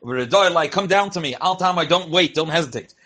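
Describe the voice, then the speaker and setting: A man's voice: a little high, brisk, sharp tone. A man teaching a Torah class, reading Hebrew verses and translating them phrase by phrase in loose spoken style. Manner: reads Hebrew phrases then translates, Yiddish-inflected yeshivish terms; loose spoken delivery with fillers and restarts. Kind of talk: verse-by-verse Chumash and Rashi class.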